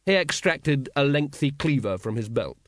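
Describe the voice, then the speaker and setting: Reading fiction aloud from a script, a male audiobook narrator is measured and expressive at a middling pitch. The recording is close and dry, with no room sound behind him.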